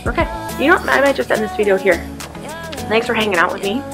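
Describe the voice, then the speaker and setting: A woman in her thirties talks to her camera in a relaxed, chatty way, walking through what she eats and what she's doing with her day. Her voice sits at an ordinary middle pitch, and she keeps it friendly and upbeat. A bit of soft music plays faintly underneath. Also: quick pace. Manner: chatty and upbeat, narrating meals and errands with fillers. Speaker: lifestyle vlogger. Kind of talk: casual what-I-eat chat to camera. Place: in a parked car.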